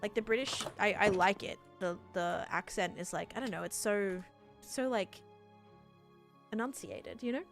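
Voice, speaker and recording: A woman's voice: medium pitch, moderate pace, creaky, faint music behind. A woman with an Australian accent chatting casually while gaming live, rambling and filling her talk with "like". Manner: rambling, chatty, heavy use of "like". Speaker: livestreamer.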